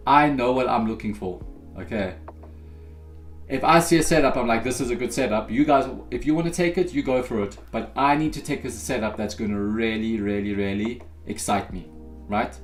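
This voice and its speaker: A man's voice: medium pitch, normal speed, faint music behind. A man hosting a live futures day-trading stream, chatting casually to viewers as he talks through his trades. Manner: relaxed, chatty, addresses viewers as guys.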